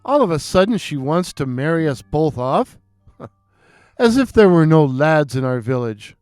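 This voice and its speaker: A man's voice: a little high, very animated, unhurried, darkish tone, smooth, no echo, clean studio sound, faint music behind. Spoiled quarrelling sisters from a folktale: raised, petulant, snippy, done by a male storyteller.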